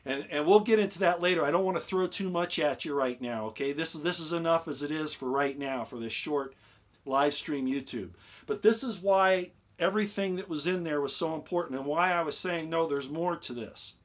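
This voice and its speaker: A man explaining things on a casual YouTube live stream. He gets excited, repeats himself and keeps asking his viewers "okay?". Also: fairly high pitch, moderate pace.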